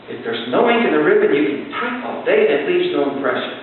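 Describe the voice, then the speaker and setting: A man spins a folksy tale for a live crowd, his voice sitting a touch high and thrown into a big, echoing hall. He sounds far from the mic, and the sound is narrow and phone-like, with a faint hiss underneath. His delivery is animated, swelling into loud recitations. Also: fast talker. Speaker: storyteller. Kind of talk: storytelling to a live audience. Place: large hall with live audience.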